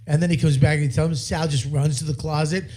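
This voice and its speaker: A man's voice: a little high, quick pace. A man hosting a comedy podcast, telling stories with lots of laughter and bursts of silly put-on voices. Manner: animated storyteller, laughs often, jumps into silly put-on voices. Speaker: podcast host. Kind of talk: casual comedy banter.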